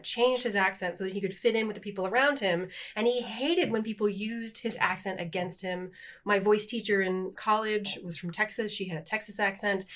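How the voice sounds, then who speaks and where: A middle-aged woman co-hosting a podcast, chatting casually and laughing at her own slip-ups. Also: mid-range voice. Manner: animated, self-deprecating, laughs at herself. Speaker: podcast co-host. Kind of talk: casual chat.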